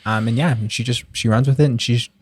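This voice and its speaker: A man's voice: mid-range voice, fairly even intonation, fast talker, darkish tone, husky, dry recording. A young man guesting on a podcast, talking in an eager, casual way and filling his sentences with "like". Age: young adult. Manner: enthusiastic, filler-heavy, says "like" a lot. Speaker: guest, real estate investor.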